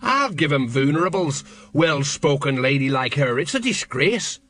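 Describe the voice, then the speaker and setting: A man's voice: on the high side, sing-song, moderate pace, fairly bright tone. A man voicing a nervous, blustering middle-aged watch sergeant in an audiobook reading. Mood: indignant bluster. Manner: quavering, blustering.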